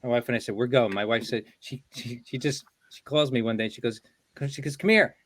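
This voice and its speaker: A middle-aged man telling a relaxed, chatty anecdote on a video call, full of "you know". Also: mid-range voice, brisk, a little hiss or hum. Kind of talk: casual storytelling.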